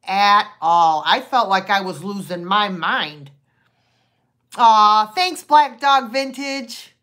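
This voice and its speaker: A woman's voice: medium pitch, slow pace. A middle-aged woman hosting a live online sale, chatting casually and rambling as she greets viewers by name. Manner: chatty and rambling, with many fillers and warm greetings.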